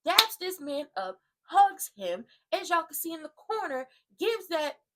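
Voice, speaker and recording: A woman giving an animated, slangy rant that recaps a wrestling show, with emphatic asides to her viewers. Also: very high voice, a little slow, heavy background noise. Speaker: wrestling commentary vlogger. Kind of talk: casual ranting recap.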